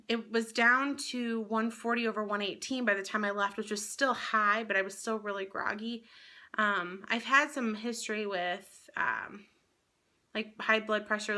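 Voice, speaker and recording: Young woman vlogging, bright voice, blunt and rambly, swears a lot. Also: medium pitch. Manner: candid, rambling, swears freely. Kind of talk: casual storytelling to camera.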